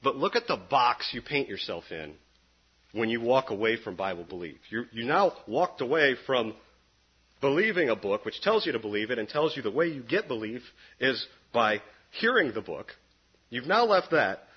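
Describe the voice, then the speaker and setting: A man preaching a sermon in an animated, sarcastic way, with sudden jumps up in pitch. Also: moderate pace, husky, muffled recording.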